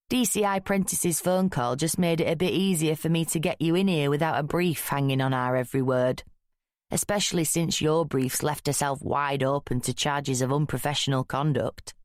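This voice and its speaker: A woman's voice: low-pitched, no room sound, studio quality, natural voice. A woman voicing a burly, blunt male drug squad detective with a broad Yorkshire accent. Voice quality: blunt, scathing, leering.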